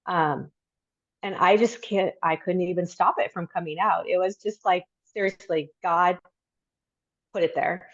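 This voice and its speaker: A middle-aged woman telling a personal story as a podcast guest, reflective and halting, with many pauses. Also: fairly low pitch, fairly even intonation, dry recording, dull audio.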